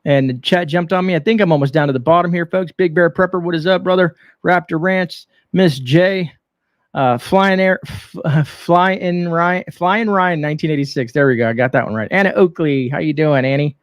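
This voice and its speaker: A man's voice: a little high, fairly quick, dry recording. A man from Canada hosting a live stream, reading out viewer names from chat in a friendly way. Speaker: host.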